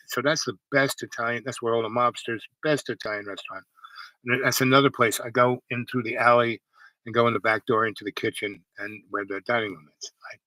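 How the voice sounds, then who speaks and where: A man's voice: medium pitch, moderate pace, long pauses, sharp tone, no echo, poor audio. Rambling New man telling a story. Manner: meandering, many restarts and asides.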